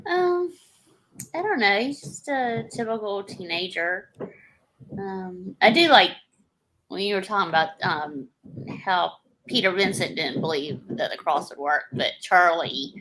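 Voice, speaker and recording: A woman co-hosting a casual chat, relaxed and hesitant, with frequent ums. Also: mid-range voice, unhurried, background noise. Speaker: co-host.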